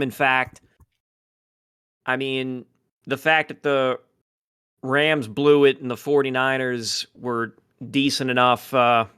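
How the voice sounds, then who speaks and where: A man on a sports podcast explains his point step by step. His voice is smooth and bright. It sits close and dry. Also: medium pitch, no room sound. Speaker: podcast co-host. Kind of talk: casual sports chat.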